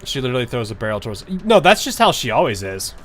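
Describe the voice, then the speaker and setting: A man's voice: medium pitch, sing-song, quick pace, fairly bright tone. A man giving casual, rambling gameplay commentary, chatting and thinking aloud as he plays. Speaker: game streamer.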